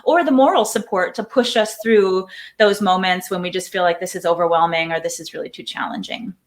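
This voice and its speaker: A woman's voice: on the low side, a little fast. A middle-aged woman, a psychology professor, answering interview questions in a thoughtful, explanatory way, sometimes repeating words as she thinks.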